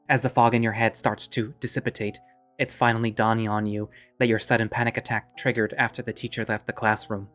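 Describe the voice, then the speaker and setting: A man narrating a visual novel in the second person, steady and measured. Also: fairly low pitch, faint music behind.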